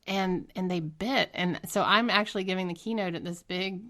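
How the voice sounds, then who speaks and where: A woman's voice: fairly low pitch, moderate pace, few pauses, pushed and bright. A woman hosting a podcast, chatting in an enthusiastic way and laughing easily. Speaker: podcast host. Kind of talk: casual interview chat.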